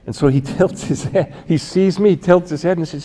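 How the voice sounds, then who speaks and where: Mellow-voiced man telling a story in a reverberant hall. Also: a little high. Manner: halting, self-correcting, with frequent fillers. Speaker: guest speaker. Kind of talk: storytelling talk. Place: church event hall.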